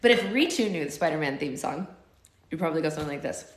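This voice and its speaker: A woman reading a novel aloud for an online book club, breaking off into animated, giggly chat. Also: low voice, fast talker. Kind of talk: live read-aloud with chatty asides. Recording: echoey room.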